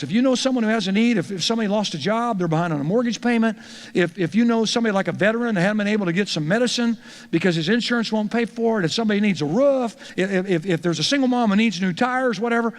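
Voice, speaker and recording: High-voiced pastor in an echoing hall. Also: male voice. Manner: conversational storytelling, repeats words when starting phrases. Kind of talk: teaching talk to church leaders.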